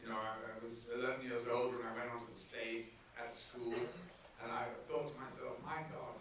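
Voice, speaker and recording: Lively man telling stories in echoey theater. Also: medium pitch, moderate pace. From Liverpool, England. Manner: lively storyteller who acts out quoted voices. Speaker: guest actor at a Q&A. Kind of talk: live stage Q&A anecdote. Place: cinema auditorium with audience. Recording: echoey theater, distant mic, faint noise.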